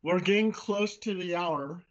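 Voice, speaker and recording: A man hosting a casual video call chat, telling a story in a relaxed way and swearing freely. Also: sits high, measured pace, highs cut off. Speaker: host.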